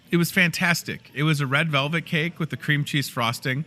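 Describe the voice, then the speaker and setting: Bright, chatty Midwestern man hosting. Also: a little high, a little fast, hardly any pauses. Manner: chatty, playful, joking asides. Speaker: host of a store's daily show. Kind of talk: casual promotional chat. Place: inside a grocery store.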